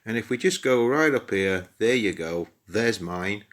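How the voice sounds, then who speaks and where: A British man with a fairly low voice talks through a gear review in a casual, chatty way. He addresses viewers directly, with exasperated asides. The recording has noticeable room echo. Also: expressive, a little slow. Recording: echoey room.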